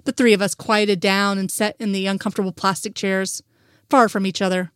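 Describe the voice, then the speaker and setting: Woman narrator, brisk even read-aloud, dry close mic. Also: medium pitch, smooth, dry recording. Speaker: story reader. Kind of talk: reading romantic fan fiction aloud.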